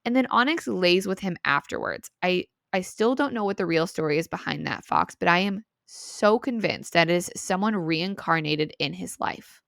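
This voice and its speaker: Female podcast co-host, casual animated recapper, gravelly voice, dry close mic. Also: on the low side, moderate pace, hardly any pauses, no room sound. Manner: animated retelling, lots of "like" and "right?". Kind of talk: casual book-review chat.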